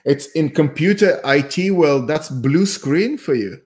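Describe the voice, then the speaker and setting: A man's voice: on the high side, animated, unhurried, darkish tone. A man speaking as a psychologist guest, explaining ideas in a thoughtful way that often stops and restarts. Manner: thoughtful, self-interrupting, laughs at his own jokes. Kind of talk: explanatory conversational talk.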